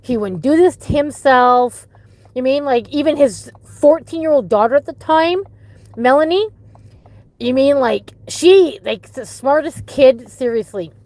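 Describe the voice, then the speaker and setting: A middle-aged woman from Canada, a bereaved mother giving personal testimony in halting, emotional storytelling full of restarts. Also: high-pitched, lively intonation, a little mellow.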